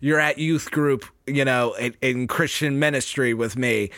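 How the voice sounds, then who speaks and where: Podcast guy rambling n laughing a lot, bright voice, swears casually, dry close sound. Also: mid-range voice, measured pace, no echo. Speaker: podcast co-host.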